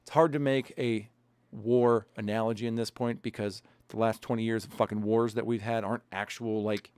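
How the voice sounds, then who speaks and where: A man's voice: fairly low pitch, steady tone, moderate pace, a little mellow, clear, resonant tone, dry recording. A man co-hosting a podcast, ranting angrily and swearing a lot as he argues his point. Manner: profane, angry, emphatic. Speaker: podcast co-host. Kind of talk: heated casual podcast rant.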